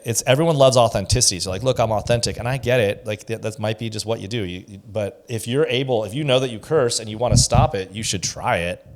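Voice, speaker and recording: A man who is a pastor, co-hosting a podcast and giving his views in an emphatic, opinionated way. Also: lowish voice. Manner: opinionated, emphatic, acts out quoted voices. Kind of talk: casual podcast discussion.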